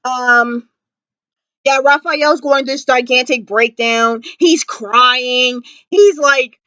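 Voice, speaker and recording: A woman's voice: on the high side, unhurried, pushed and bright, no room sound, highs cut off. A young woman vlogging a fan review of a TV episode, gushing and dramatic, full of "like" and fillers. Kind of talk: excited fan review chat. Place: indoors at home.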